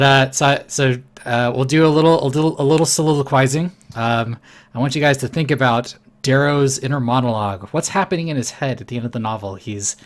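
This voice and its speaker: A man hosting a casual podcast chat, upbeat with hesitant fillers. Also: mid-range voice. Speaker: podcast host.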